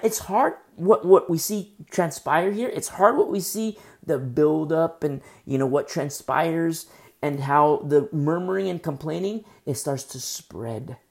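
A male pastor preaching a Bible-study sermon, his voice gravelly with a lot of fry. His pitch swings widely as he stresses words. He repeats key phrases to drive the point home.

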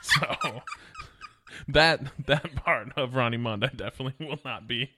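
A man's voice: medium pitch, measured pace, heavy background noise. A man hosting a podcast in casual chat, joking crudely and laughing often. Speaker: podcast host.

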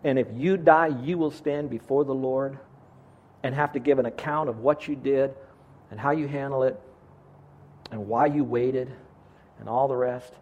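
A man's voice: medium pitch, steady tone, normal speed, long pauses, a little mellow, highs cut off. A middle-aged man preaching a sermon as a pastor, earnest and asking his congregation questions.

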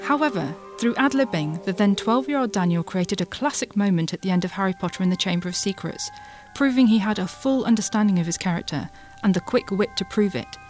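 A woman co-hosting a film podcast, reading a scripted segment in a measured way. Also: medium pitch, expressive, darkish tone. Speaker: podcast co-host. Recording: music bed under narration.

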